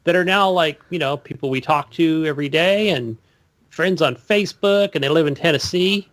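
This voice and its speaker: A man's voice: a little high, moderate pace, a bit bright. A man co-hosting a gaming podcast, chatting casually with wry, joking asides. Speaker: podcast co-host.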